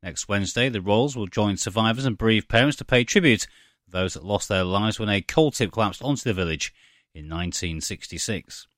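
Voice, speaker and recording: A man reading a scripted radio news bulletin in a measured, even delivery. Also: lowish voice, no room sound, studio quality. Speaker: newsreader. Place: studio. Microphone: studio microphone.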